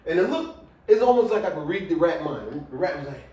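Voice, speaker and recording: Animated man telling a story, roomy sound. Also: a little fast, slight background noise. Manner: lively, swings between loud exclamations and low asides, laughs often; casual American slang, addresses viewers as y'all. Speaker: vlogger telling a personal story. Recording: roomy, a little distant from the mic.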